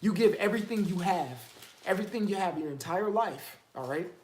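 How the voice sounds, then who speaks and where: A man's voice: high voice, animated, brisk, darkish tone, echoey room, slight background noise. A man teaching the Bible in a casual, streetwise way, firing off emphatic rhetorical questions.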